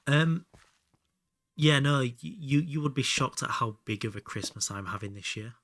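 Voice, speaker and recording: A streamer in casual conversation with his viewers plays a game while joking, bantering and occasionally muttering under his breath. He has a mid-range, fairly bright voice and talks at normal speed.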